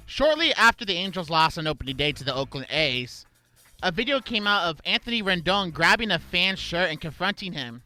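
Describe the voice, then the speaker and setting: 澄んだ明るい声の男性共同司会者. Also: male voice, sits high, pushed and bright. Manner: quick interjections, joking. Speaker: sports radio co-host. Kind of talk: casual sports radio chat.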